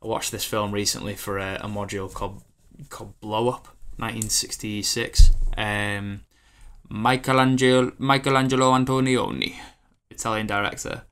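A man in his twenties hosting a podcast, rambling in an animated, casual way with lots of fillers and acted-out quotes. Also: lowish voice, normal speed, clean tone. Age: 20s. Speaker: podcast host.

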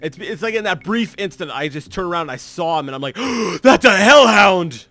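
A man's voice: fairly high pitch, animated, fast, a bit bright, slight background noise. A man in his thirties giving rambling, self-mocking commentary while playing a game, full of restarts and fillers. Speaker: let's play commentator. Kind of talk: gameplay commentary.

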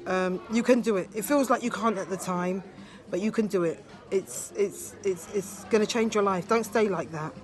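A woman in her fifties recording a personal video diary on her handheld phone, talking in a heartfelt, halting way with many fillers. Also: medium pitch. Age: 50s. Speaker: video diarist. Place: ski resort and restaurant abroad.

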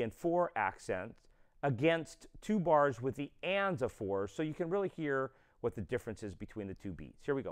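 A man teaching a drum lesson, explaining step by step and counting beats aloud. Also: fairly high pitch. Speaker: drum instructor.

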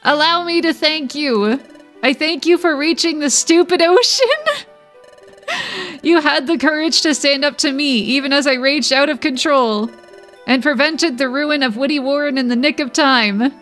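A woman's voice: sits high, fairly bright tone, soft background music. Woman reading as a solemn ancient time dragon. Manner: reads game dialogue aloud slowly.

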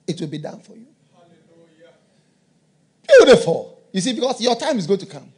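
Emphatic, husky-voiced male preacher. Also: high-pitched, sing-song, moderate pace, long pauses. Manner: emphatic, repeats phrases, laughs. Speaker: bishop preaching. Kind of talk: sermon.

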